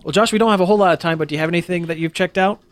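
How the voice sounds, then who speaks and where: An upbeat man hosts a casual podcast chat and keeps the talk moving. His voice sits a little high. The recording is dry and close. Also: rapid-fire, no echo. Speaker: podcast host.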